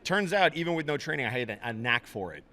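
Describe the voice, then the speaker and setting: A man in his thirties, a voice actor, chatting casually in an interview and telling stories in a lively way. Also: on the high side. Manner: fast, lively storytelling. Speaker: voice actor guest.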